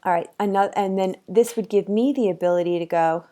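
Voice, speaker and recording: Easygoing woman teacher walking through software. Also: medium pitch, fairly quick. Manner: chatty and easygoing, with frequent ums. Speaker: college course instructor. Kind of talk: casual screen-recorded software tutorial.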